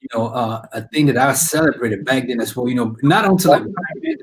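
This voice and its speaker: A man's voice: medium pitch, lively intonation, fairly quick, slightly rough, rough recording. Laid-back Cameroonian man chatting. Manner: laid-back, many "you know what I mean" fillers. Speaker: guest musician and podcast host. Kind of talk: casual interview chat.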